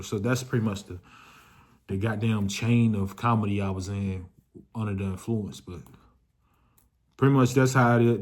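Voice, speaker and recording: A young adult man telling a story to his viewers in a loose, slangy, casual way, swearing freely, his voice jumping up when excited and dropping low when reflective. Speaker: vlogger.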